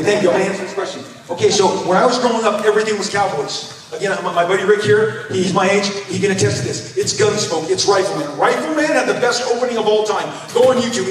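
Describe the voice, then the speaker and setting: A man in his fifties telling animated, rambling stories on a convention panel, stammering and acting out quotes. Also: high voice. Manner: excitable, rambling, stammering restarts, acts out quotes. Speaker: panel guest, comic creator. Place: large convention hall. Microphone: recorded from far off in the audience. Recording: echoey convention hall from far off.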